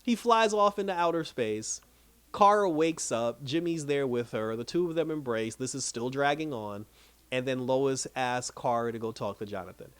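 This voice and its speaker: A man casually recapping and reviewing a TV episode, telling it with lively reactions and laughing as he goes. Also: medium pitch, moderate pace, clear, resonant tone, no echo. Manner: animated storytelling, laughs while retelling scenes.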